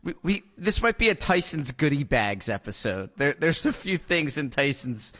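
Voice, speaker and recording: A man's voice: fairly high pitch, sing-song, moderate pace, a bit bright. A man co-hosting a podcast, teasing his friends in casual chat with frequent laughter. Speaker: podcast co-host.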